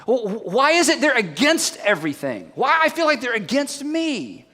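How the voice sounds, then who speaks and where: A man's voice: very high-pitched, huge pitch swings, normal speed, pushed and bright. A man preaching a sermon as a pastor, telling the story animatedly and firing rhetorical questions at the audience. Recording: long hall reverb.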